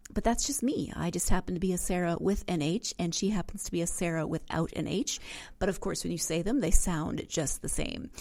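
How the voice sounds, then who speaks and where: A woman hosting a book podcast, chatting casually with dry, self-deprecating sarcasm. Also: fairly low pitch. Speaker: podcast host. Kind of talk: casual solo podcast talk.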